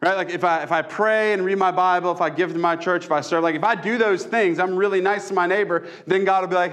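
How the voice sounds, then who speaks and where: A man's voice: high-pitched, fast, few pauses, a bit bright. A young man, preaching a casual sermon with self-deprecating humor. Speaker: pastor.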